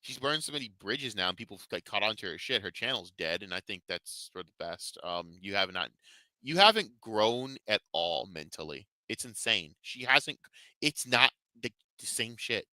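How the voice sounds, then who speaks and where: A man rants through a profane commentary chat, heated and mocking. His voice is sharp and bright and swings widely in pitch. The sound is close and dry. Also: big pitch swings, moderate pace, no echo. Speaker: podcast host.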